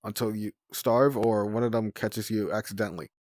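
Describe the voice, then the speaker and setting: Anxious bookish young dragon read by a man, questioning tone, low voice. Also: fairly even intonation, moderate pace, a little mellow, close to an everyday voice.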